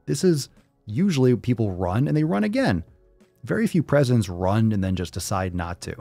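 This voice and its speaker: A man's voice: medium pitch, big pitch swings, moderate pace, vocal fry, dark tone, dry recording, faint music behind. A man hosting his own show, ranting in casual commentary, emphatic and profane, repeating words to drive his point. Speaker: podcast host.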